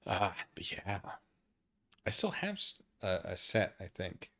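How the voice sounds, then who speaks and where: A man's voice: sits low, sing-song, unhurried, creaky, pushed and bright. A man streaming from his living room, chatting casually and reading chat aloud, rambling and self-deprecating.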